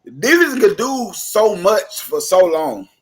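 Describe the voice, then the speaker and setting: Guy, slightly high voice, stammers, blunt and fed up. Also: big pitch swings, measured pace, husky. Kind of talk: casual sports talk.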